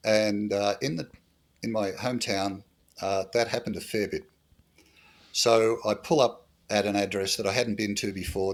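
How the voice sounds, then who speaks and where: A middle-aged Australian man, a former bush police officer, telling wry anecdotes in an interview with a lot of fillers. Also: lowish voice. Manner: dry humorous anecdotes with fillers. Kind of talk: storytelling interview.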